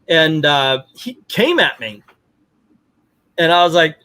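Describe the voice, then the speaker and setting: A middle-aged man tells a story in a casual chat, his voice sitting a little high. He acts out the lines of the people he talks about and keeps the story moving. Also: moderate pace. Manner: animated storyteller, acts out quotes. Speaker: podcast host.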